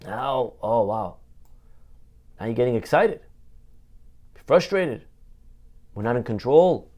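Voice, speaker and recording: A man speaking as a rabbi in a Torah lesson sermon, animated, asking and answering his own rhetorical questions and repeating phrases for emphasis. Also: medium pitch.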